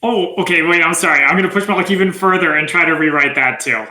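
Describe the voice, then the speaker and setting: Higher-voiced male host in a roomy space. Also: fast, bright, forceful tone. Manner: runs the segments, apologetic asides. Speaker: podcast co-host. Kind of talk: casual podcast chat. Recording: roomy echo.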